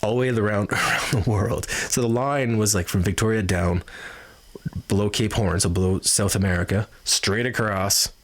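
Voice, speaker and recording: A man's voice: fairly low pitch, steady tone, moderate pace, slight background noise. A man hosting a podcast, rambling through a casual, profane, self-mocking monologue. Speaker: podcast host.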